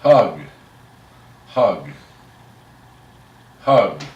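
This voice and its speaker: A middle-aged man playing a young, energetic boy who is learning to read and gives short, halting answers while sounding out letters. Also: fairly low pitch, lo-fi sound, heavily acted. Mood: slow, hesitant. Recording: echoey room, distant mic.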